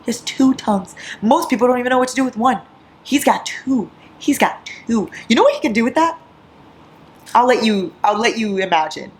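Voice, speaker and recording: A woman's voice: fairly high pitch, brisk, a little hiss or hum. Giddy, sleep-deprived woman gushing. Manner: giddy, excitable, laughs often and swears. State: tired from staying up all night. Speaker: book vlogger. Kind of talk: casual reading vlog.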